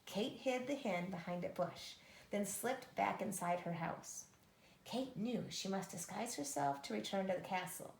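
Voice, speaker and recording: Gravelly woman reading a storybook. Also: mid-range voice, a little slow, a little mellow, echoey room, slight background noise. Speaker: storybook reader. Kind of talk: reading a children's story aloud.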